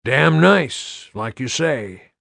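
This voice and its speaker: A man reading an audiobook, voicing a gruff, weary older army officer with a slow, gravelly delivery. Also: mid-range voice, animated, fairly bright tone, no echo, studio quality, pitched above the performer's own voice, full character voice.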